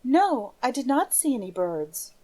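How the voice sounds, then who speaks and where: A woman reading an audiobook, voicing a frightened young woman who answers in a high, small, pleading voice. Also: very animated, measured pace, mellow. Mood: timid.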